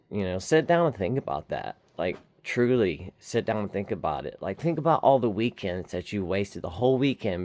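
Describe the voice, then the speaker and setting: A man giving an earnest, repetitive recovery pep talk outdoors, shivering in the cold. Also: low-pitched. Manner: earnest, slow, repetitive encouragement. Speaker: recovery vlogger. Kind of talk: heartfelt motivational talk to camera.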